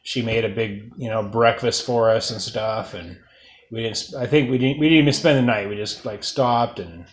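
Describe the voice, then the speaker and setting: A man interviewing relatives about his family history, casual and halting, with many fillers and restarts. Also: on the low side, fairly even intonation, reverberant.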